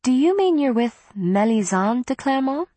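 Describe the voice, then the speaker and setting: Woman doing a warm, comforting older witch. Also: mid-range voice, lively intonation, moderate pace, dry recording, close to an everyday voice. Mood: warm, urgent.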